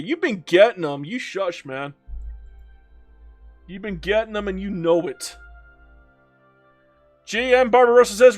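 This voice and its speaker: A man's voice: high-pitched, lively intonation, unhurried, long pauses, faint music behind. A man streaming a strategy game, chatting casually, joking and reading viewer comments aloud as he plays. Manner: joking, talks to himself and reads chat aloud.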